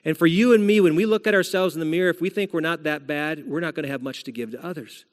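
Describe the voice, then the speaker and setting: Male senior pastor, somewhat high voice, casual storytelling sermon, long church-hall reverb. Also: fast talker. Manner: conversational preaching, retelling scripture as a story. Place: church sanctuary.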